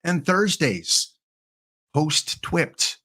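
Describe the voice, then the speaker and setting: A man's voice: fairly high pitch, sing-song, very slow, pushed and bright. Rambling jokey Canadian man streaming. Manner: rambling, jokey, talks to chat. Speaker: game streamer. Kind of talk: casual live-stream chat.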